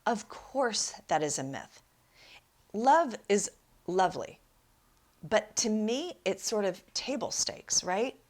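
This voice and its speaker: A woman's voice: medium pitch, lively intonation, slow, a little mellow. A woman life coach hosting a podcast, telling a personal story and giving relationship advice in an emphatic, conversational way, often asking "right?". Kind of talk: solo podcast talk.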